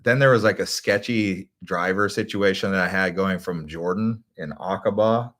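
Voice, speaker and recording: This American man, a travel vlogger, spins a loose, meandering tale, leaning on "like" and frequently starting over. He speaks in a low voice at a moderate pace, with a fairly bright tone.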